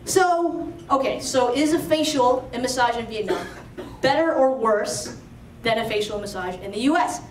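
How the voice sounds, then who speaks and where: Brief: high-pitched woman, chatty live storyteller, roomy hall, distant mic. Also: moderate pace, hardly any pauses, slight background noise. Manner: chatty, animated, lots of "like". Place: storytelling stage before an audience.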